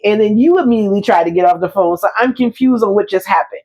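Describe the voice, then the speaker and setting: A woman's voice: fairly high pitch, a little fast, slightly rough. A woman podcast co-host chatting casually with a friend, animatedly acting out both sides of a conversation with her husband. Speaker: married housewife and mother. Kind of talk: casual chat between friends.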